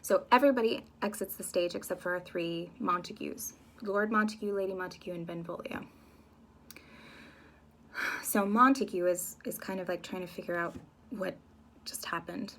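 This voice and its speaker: A woman's voice: fairly low pitch, normal speed, fairly bright tone, slight background noise. A woman teacher explaining a play scene by scene in a casual, chatty way.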